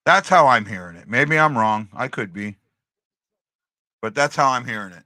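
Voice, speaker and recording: Man, stream host, casual chat, bright voice, dry close sound. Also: medium pitch, animated, moderate pace, no echo. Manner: chatty, talks to viewers, repeats himself. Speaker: hockey podcast host.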